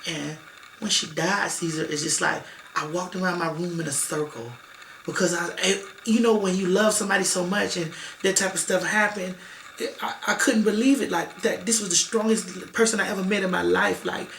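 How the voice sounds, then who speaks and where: Woman guest, emphatic and emotional storyteller, sharp bright tone, faint background hiss. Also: lowish voice, steady tone, moderate pace, creaky. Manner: emotional, repetitive, emphatic, acts out quoted relatives. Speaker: interview guest. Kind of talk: emotional personal storytelling in an interview. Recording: echoey room.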